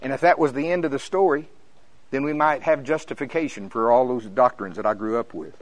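An older man from Oklahoma preaching a sermon as pastor, fervent and storytelling, his voice climbing high when he gets excited. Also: a little fast, no room sound, low-quality recording.

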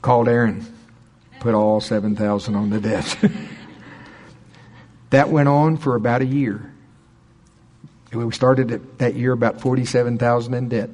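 A middle-aged man preaching, telling a story in an animated way and acting out quoted people with a raised voice. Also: mid-range voice, measured pace, pauses often. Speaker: pastor. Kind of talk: sermon storytelling.

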